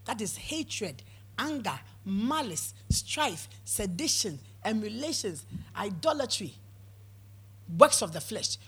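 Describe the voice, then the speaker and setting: Husky-voiced woman preaching with fervor. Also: mid-range voice. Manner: emphatic, repeats words, call-and-response amens. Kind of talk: sermon.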